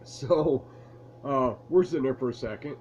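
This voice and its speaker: A man's voice: mid-range voice, normal speed, a little mellow, muffled recording, a little hiss or hum. A man casually telling a rambling, amused story to camera in a room at home. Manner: laid-back, rambling, amused. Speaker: vlogger telling stories from his past. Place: room at home lit by a lamp.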